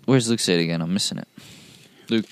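A man's voice: low-pitched, quick pace, no echo. A young man co-hosting a casual Bible discussion, easygoing and jokey as he reads passages aloud. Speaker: co-host.

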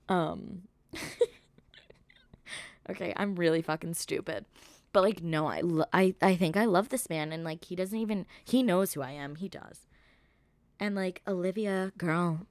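A woman's voice: on the low side, unhurried, long pauses, darkish tone, no room sound, clean studio sound. Profane rambling young woman podcaster. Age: young adult. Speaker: podcast host. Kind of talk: casual solo gossip podcast.

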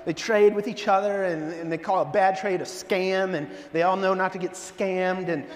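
A middle-aged pastor preaching a sermon, animated and joking, telling stories in a church. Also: male voice, high-pitched, moderate pace. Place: church sanctuary. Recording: long church hall reverb.

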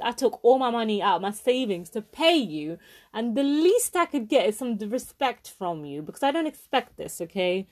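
A woman's voice: a little high, lively intonation, normal speed. A woman, hosting a podcast and telling a heated personal story, swearing often and repeating herself for emphasis. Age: 20s. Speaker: podcast host. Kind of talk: angry personal rant.

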